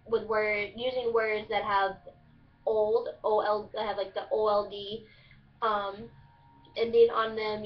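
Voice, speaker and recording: Young woman rambling through a class presentation, mic far off, kinda muffled. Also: medium pitch. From Southern Illinois. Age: young adult. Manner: casual, chatty, many fillers and restarts. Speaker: student presenter. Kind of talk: class project explanation. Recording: distant, muffled lo-fi recording.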